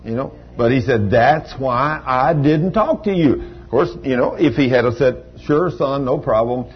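A man's voice: medium pitch, unhurried, a little hiss or hum. An older man preaching a sermon with personal testimony, telling folksy stories and acting out the dialogue with rising emphasis. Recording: dull lo-fi recording.

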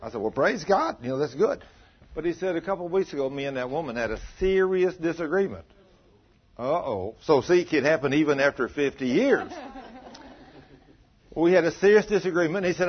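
This man's husky, fairly high voice moves fairly quickly as he preaches. He animatedly tells a story, voicing the characters' dialogue and quoting scripture, on dull lo-fi audio.

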